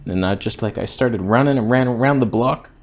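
A man's voice: mid-range voice, fairly quick, a little mellow. Man in back pain, rambling and self-mocking. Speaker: vlogger. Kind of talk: casual vlog monologue.

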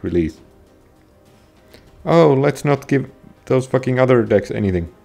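A man playing a card game online, grumbling and swearing at it, at times yelling in frustration. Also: medium pitch, lively intonation, unhurried, vocal fry, soft background music. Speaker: gamer streaming a card game. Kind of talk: angry gameplay commentary.

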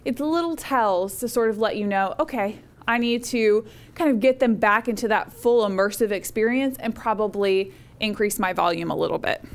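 A woman teaching a college public speaking course in a recorded lecture, conversational and encouraging, often checking in with "right?". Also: medium pitch. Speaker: college speech instructor.

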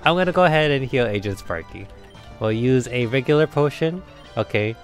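A man's voice: medium pitch, animated, a little fast, faint music behind. A man giving casual let's play commentary, chatty, laughing often and talking to himself. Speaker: game streamer.

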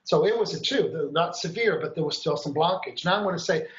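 A man's voice: on the high side, animated, fairly quick, echoey room, lo-fi sound. A man hosting a live stream, chatty and upbeat, explaining each step and counting aloud as he demonstrates. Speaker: host.

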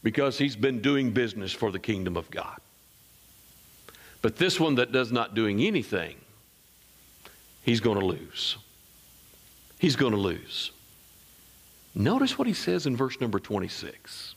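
Preaching pastor with soaring swings. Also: male voice, big pitch swings, unhurried, pauses often, breathy edge. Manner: preaching with wide swings, rising high in emphasis and dropping low and soft; call-and-response asides to the congregation. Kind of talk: sermon.

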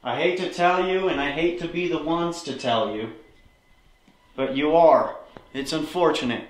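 Guy on a ghost hunt begging the spirits to talk, kinda high voice, echo all around. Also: measured pace. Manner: earnest, pleading, coaxing. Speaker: paranormal investigator host. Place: inside an old haunted building. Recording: roomy echo.

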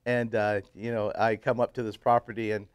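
A man in his fifties, a church pastor, casually telling his life story to a men's breakfast group, swinging from loud, laughing bursts to quiet, earnest stretches. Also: lowish voice, level tone, fairly quick, smooth, no room sound, clean studio sound. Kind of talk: casual personal testimony talk. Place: live talk to a roomful of men at a breakfast.

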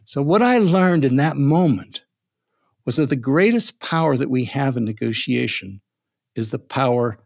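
A man's voice: mid-range voice, moderate pace, vocal fry. An older man, a negotiation expert, telling a story in a podcast interview and acting out the voices of the people in it. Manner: animated storyteller, acts out quoted voices.

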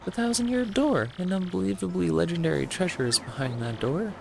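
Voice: medium pitch, fairly quick, gravelly, noisy background, pitched above the performer's own voice, natural voice. A gamer voicing a fawning, scheming old witch who serves a villain king, with a sly, sing-song delivery.

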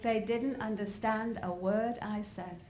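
A woman in her fifties from the north of England, with a softened English accent, giving a lively, humorous motivational talk and asking the audience questions. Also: mid-range voice, a little slow. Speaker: speaker. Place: large hall before an audience. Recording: roomy hall with faint crowd ambience.

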